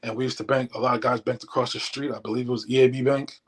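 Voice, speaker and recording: Telling casual stories as an interview guest, a middle-aged man who used to be a stockbroker acts out people's lines with animation. His voice is mid-range and husky, and he keeps a quick pace. It's a rough recording.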